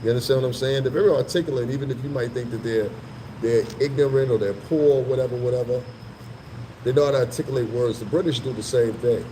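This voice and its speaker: A man's voice: mid-range voice, fast talker, mellow, a little hiss or hum, rough recording. A man vlogging in a casual, rambling storytelling monologue that is profane and full of asides. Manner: profane, rambling, laughs between remarks.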